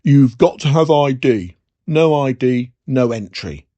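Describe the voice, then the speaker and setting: A storyteller voicing a bossy male elf gate guard in a storybook, with a loud, curt, stubborn delivery. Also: mid-range voice, expressive, measured pace, no echo, highs cut off, voice pushed up, close to an everyday voice. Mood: officious.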